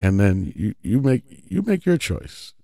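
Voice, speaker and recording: A man's voice: fairly low pitch, sing-song, unhurried, mellow, dry recording, clean studio sound. A man giving a casual religious teaching talk, conversational, often checking in with his listeners. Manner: conversational, often asks "right?".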